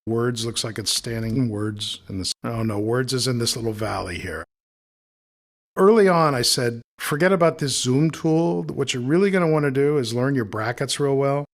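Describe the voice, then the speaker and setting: A man teaching audio editing in a screen-recorded tutorial, thinking aloud in a relaxed, explanatory way as he demonstrates each step. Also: mid-range voice, normal speed.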